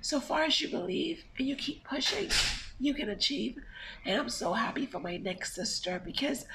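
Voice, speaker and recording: A woman who is the reigning pageant queen, hoarse from losing her voice, speaking emotionally and from the heart in a backstage interview. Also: high-pitched, expressive, moderate pace, very noisy.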